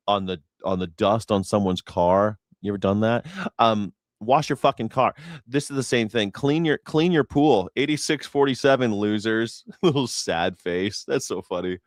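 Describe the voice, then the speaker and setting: A man's voice: normal speed, dry recording, studio quality. A man hosting a political news reaction show, sarcastic and profane, mocking his targets. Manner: sarcastic, profane, mocking, swings into falsetto parody. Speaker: host.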